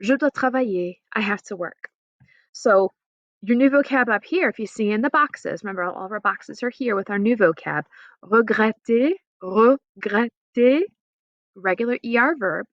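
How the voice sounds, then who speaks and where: A woman teaching a casual online French class. She talks chattily and says example phrases slowly so students can repeat them. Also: mid-range voice, a bit bright, no room sound, dull audio.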